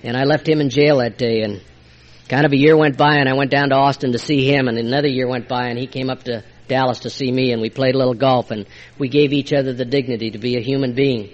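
An older man sharing a heartfelt personal testimony at a recovery meeting, moving between hushed and emphatic delivery. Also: medium pitch, steady tone, quick pace, highs cut off. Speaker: speaker sharing his recovery story.

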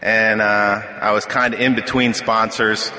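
A man's voice: lowish voice, flat delivery, a little slow, sharp tone. A middle-aged man sharing his personal story at a recovery meeting podium, telling it conversationally with self-deprecating humor. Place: meeting hall. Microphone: podium microphone. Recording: echoey hall with long reverb.

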